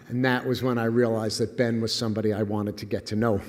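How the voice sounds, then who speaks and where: A man's voice: mid-range voice, little pitch movement, fairly quick, few pauses, a little mellow, a little hiss or hum. An older man giving a humorous storytelling lecture as guest speaker, wry and self-deprecating, chuckling at his own lines. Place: lecture hall. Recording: echoey lecture hall.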